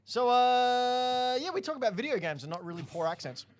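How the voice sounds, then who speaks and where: A man's voice: very high voice, very animated, moderate pace. An Australian man hosting a casual podcast, joking around in a loose, rambling way. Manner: jokey, rambling, teasing. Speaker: podcast host.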